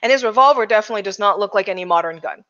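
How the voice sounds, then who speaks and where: A woman running a tabletop role-playing game as game master, narrating in a relaxed way with many fillers. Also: medium pitch, very fast, highs cut off.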